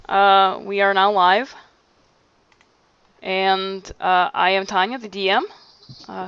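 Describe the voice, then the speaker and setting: A woman acting as game master on a live stream, chatting casually and halting with frequent fillers and restarts. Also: medium pitch, sharp tone, smooth, no echo, dull audio. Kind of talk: casual streamed tabletop chat.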